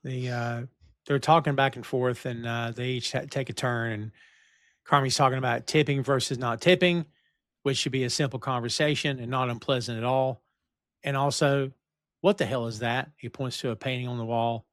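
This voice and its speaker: A man's voice: medium pitch, normal speed, no room sound, clean studio sound. A man hosting a podcast, casually recapping scenes and plugging the channel. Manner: relaxed recapping, plugs the channel. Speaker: podcast host. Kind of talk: casual chat and episode recap.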